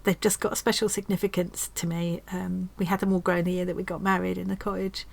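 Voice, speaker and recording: A woman vlogger chatting casually at home as she opens a craft swap parcel, gushing and excitable, with frequent restarts. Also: lowish voice, fast, gravelly, rough recording. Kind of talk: casual unboxing chat.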